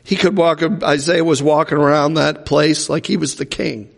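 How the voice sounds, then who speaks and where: A male pastor preaches with emphasis, stacking up rhetorical questions. His voice is gravelly and set somewhat high. Long reverb from a large hall trails behind him. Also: steady tone, moderate pace, few pauses. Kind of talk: sermon.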